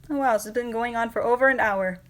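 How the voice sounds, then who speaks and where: A woman's voice: fairly high pitch, fairly bright tone. A woman hosting a casual livestream, chatting with viewers in a rambling way with many fillers and frequent laughs. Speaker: livestream host.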